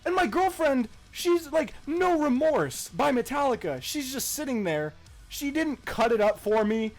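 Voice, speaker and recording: A man's voice: extremely high pitch, moderate pace, faint music behind. Profane young man telling a story. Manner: profane, laughing, animated retelling. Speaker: podcast co-host. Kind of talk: casual storytelling.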